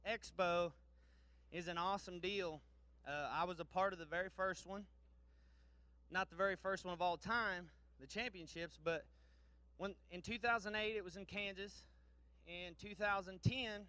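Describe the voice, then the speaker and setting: A man in his thirties from Missouri talks to an audience over a handheld mic with a dry, close sound. His voice is high and ringing clear, and his delivery is folksy, jokey and full of energy. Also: pushed and bright, dry recording. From Missouri, USA. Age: 30s. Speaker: guest speaker presenting awards. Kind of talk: casual speech to an audience.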